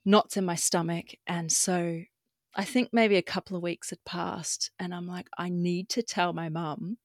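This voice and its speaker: A woman's voice: on the low side, steady tone, unhurried, no room sound, studio quality. A young woman tells her personal story as a podcast guest, frank and emotional and swearing casually.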